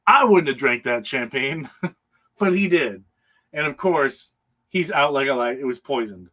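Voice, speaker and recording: A man's voice: mid-range voice, animated, a little slow, sharp tone, poor audio. Rambling man recapping a comic. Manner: rambling, full of hesitations, chuckles often. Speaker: comic book panelist. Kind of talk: casual comic book recap.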